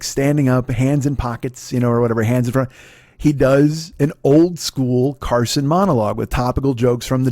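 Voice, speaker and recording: A middle-aged man tells a long story on his podcast in a loose, rambling way, swearing freely and poking fun at himself. His voice sits at an ordinary mid pitch. The sound is close and dry, with no room echo. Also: darkish tone. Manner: rambling, profane, self-deprecating, many restarts. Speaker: podcast host. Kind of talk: casual storytelling monologue.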